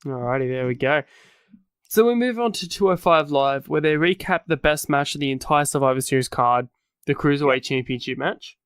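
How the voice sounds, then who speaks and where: An Australian man with a fairly high voice, recorded close and dry with no room sound. He co-hosts a casual recap show and talks in a loose, rambling way, fixing his own slips along the way. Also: normal speed, smooth, no room sound. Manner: rambling, corrects himself mid-sentence. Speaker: podcast co-host. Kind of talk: casual wrestling recap chat.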